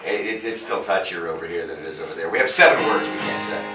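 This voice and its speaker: A man's voice: sits low, fast talker, over music. A man hosting a morning radio show, chatting casually and jokingly with a guest in a rambling way. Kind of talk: casual chat interview. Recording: echoey room, distant mic, faint noise.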